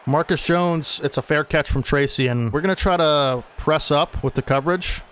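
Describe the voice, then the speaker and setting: A man's voice: a little high, moderate pace, fairly bright tone, smooth. A young man calling his own video game football plays in casual play-by-play commentary, growing agitated and exasperated at bad plays. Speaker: gaming channel host. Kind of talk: play-by-play commentary over gameplay.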